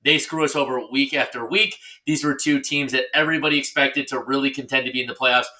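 A man's voice: medium pitch, fairly even intonation, fast talker, bright, forceful tone. A man co-hosting a podcast in casual chat, joking and ranting. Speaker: podcast co-host.

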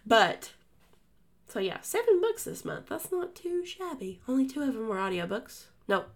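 A woman's voice: on the high side, big pitch swings, normal speed. A woman co-hosting a book podcast, talking in a casual, chatty way full of fillers and restarts.

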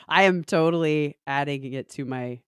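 A woman's voice: sits low, a little slow, clear, resonant tone, no echo, clean studio sound. A woman author, a guest on a podcast, chatting casually and telling stories with frequent laughter. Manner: laughs often, animated storytelling. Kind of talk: casual interview chat.

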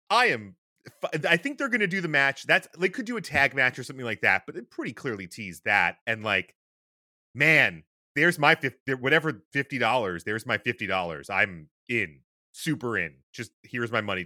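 Podcast co-host, thirties man, animated and laughing, bouncy pitch. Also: normal speed, dry recording, clean studio sound. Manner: animated, laughing, restarts often. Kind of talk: casual chat.

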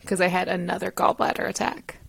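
A young adult woman co-hosting a casual chat, telling a story in an animated way and acting out the voices of people she quotes. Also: fairly low pitch, a little fast, creaky, breathy edge. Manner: expressive, often laughing. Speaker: podcast co-host.

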